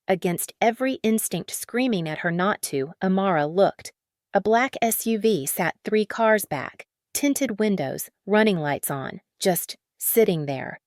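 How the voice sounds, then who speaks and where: A woman narrating a dramatic story in an even, matter-of-fact read on a close mic. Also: medium pitch, a little slow, no echo.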